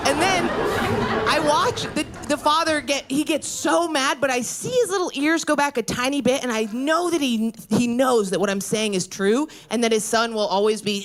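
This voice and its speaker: Brash woman stand-up in her thirties, swears freely, yells through the rants, live club mic with a loud laughing crowd. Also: high-pitched, animated, moderate pace, very noisy. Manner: brash, profane storytelling, rising to yelling rants. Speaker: stand-up comedian. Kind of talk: stand-up comedy set. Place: comedy club stage. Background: audience laughing.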